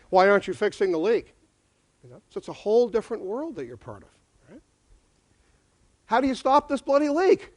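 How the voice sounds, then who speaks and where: A man giving a conversational conference talk on leadership to a live audience, energetic and full of questions. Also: sits high. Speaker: speaker on leadership.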